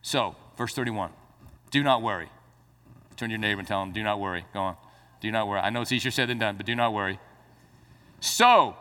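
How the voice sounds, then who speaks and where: In a large hall, a pastor with a lowish voice preaches a little fast and pauses often, moving from quiet explanation to rising exclamations and playfully addressing the congregation.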